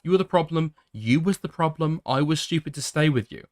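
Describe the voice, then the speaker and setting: Man voicing a bitter young woman ex, pitched up, sharp and accusing. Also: brisk, natural voice.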